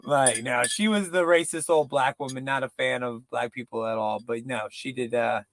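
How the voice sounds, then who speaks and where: A man in casual, profane podcast chat, rambling and slipping into quick impressions. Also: mid-range voice, a bit bright, slight background noise. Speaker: podcast co-host.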